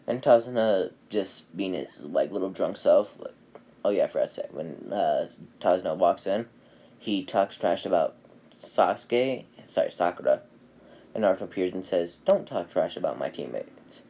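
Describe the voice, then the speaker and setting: A man's voice: deep voice, moderate pace, mellow. A man casually retelling an anime fan story, rambling with fillers and laughing at his own jokes.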